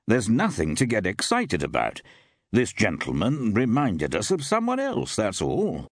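A man's voice: on the low side, huge pitch swings, measured pace, dry recording, clean studio sound, full character voice. A man reading an audiobook voices a mild, polite, amused male novelist-detective. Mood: genial.

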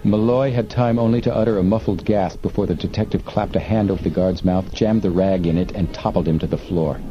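A man narrating an audiobook in a measured, steady manner. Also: low voice, highs cut off, over music. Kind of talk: scripted narration.

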